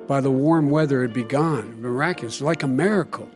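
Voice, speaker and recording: An older man in a televised debate, talking forcefully, repeating phrases and cutting in. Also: mid-range voice, fairly quick, faint music behind. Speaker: debate candidate. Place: large debate hall.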